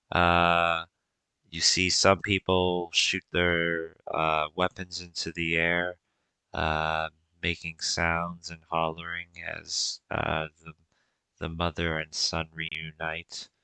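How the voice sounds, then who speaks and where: A man running a tabletop game in a very deep, gravelly, bright and smooth voice. He narrates slowly and loosely, with plenty of fillers. The sound is dry and close. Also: dry recording. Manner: relaxed, filler-heavy narration. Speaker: game master.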